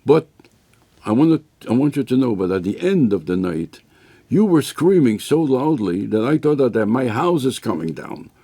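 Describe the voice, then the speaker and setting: A man's voice: medium pitch, big pitch swings, normal speed, warm tone, no echo. A man voicing a nosy male neighbor who complains and presses with questions in a joke story. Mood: nagging.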